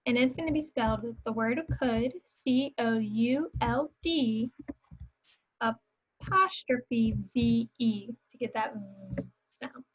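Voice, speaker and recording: A young woman teacher giving a phonics lesson to young children, slowly sounding out words and letters and encouraging them to repeat after her. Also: a little high, phone-quality sound.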